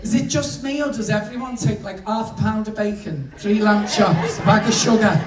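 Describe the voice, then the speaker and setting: Sweary male comedian, high voice. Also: moderate pace. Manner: bawdy, sweary, chatty storytelling to the crowd. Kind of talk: stand-up comedy. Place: cruise ship venue. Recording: echoey room, distant mic, noisy.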